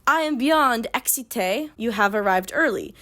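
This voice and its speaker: A woman's voice: on the high side, lively intonation, normal speed, a bit bright. A woman voicing a flamboyant male head of a couture department, gushing and effusive, with a put-on French accent that she sprinkles with French words.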